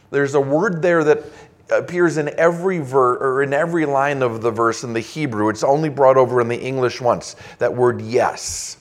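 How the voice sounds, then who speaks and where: A man's voice: mid-range voice, normal speed. A male pastor preaching a sermon, reading scripture aloud in an emphatic, conversational way.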